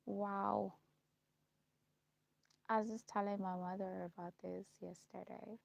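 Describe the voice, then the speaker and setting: A young South African woman tells her life story in a casual vlog, listing memories repetitively and pausing often with ums. Her mid-range voice is level in tone with vocal fry. The recording is dull and lo-fi, with no echo.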